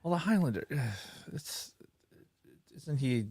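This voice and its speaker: A man co-hosting a podcast, with a mid-range voice that swings widely in pitch. He rambles with a wry, profane edge. The recording is dry and close. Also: lively intonation, takes it slowly, a little mellow, husky, dry recording. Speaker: podcast co-host. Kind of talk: casual chat.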